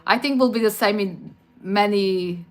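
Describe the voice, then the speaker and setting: A woman's voice: medium pitch, a little slow. A woman from Portugal with a Portuguese accent, hosting a livestream and chatting casually through viewer comments, with frequent hesitations and restarts. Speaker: livestream host.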